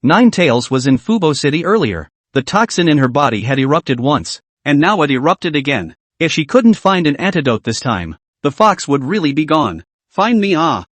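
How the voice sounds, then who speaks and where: Lively male recap narrator. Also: on the high side, normal speed, few pauses, no room sound. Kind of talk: scripted story recap narration.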